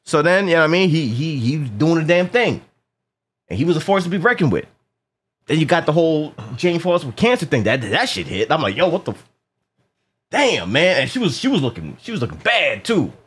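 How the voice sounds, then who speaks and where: A man chatting casually in a movie review, animated and profane, often repeating words and acting out lines from the film. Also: a little high, quick pace, breathy edge.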